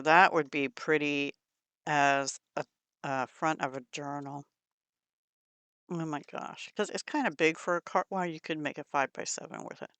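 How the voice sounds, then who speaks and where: A woman's voice: deep voice, a bit bright, clean tone, dry recording. A middle-aged woman hosting a crafting channel, chatting casually in her craft room and gushing over supplies with murmured asides.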